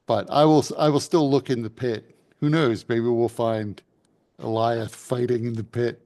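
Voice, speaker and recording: Mellow-voiced tabletop player man. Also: medium pitch, fairly even intonation, normal speed. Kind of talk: tabletop role-play, describing his character's actions.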